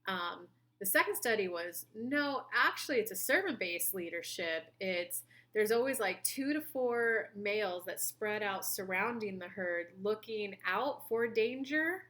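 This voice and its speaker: This woman, a tarot reader and spiritual coach, delivers a monthly reading in an animated, unhurried way with few pauses. Her medium-pitched voice has a fairly bright tone, and she chats through personal stories, acting out others' voices.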